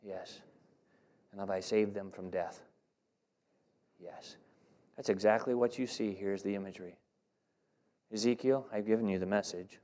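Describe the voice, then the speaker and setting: A man's voice: lowish voice, steady tone, normal speed, pauses often, warm tone. A man preaching a sermon, emphatic and conversational, putting direct questions to his congregation. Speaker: pastor.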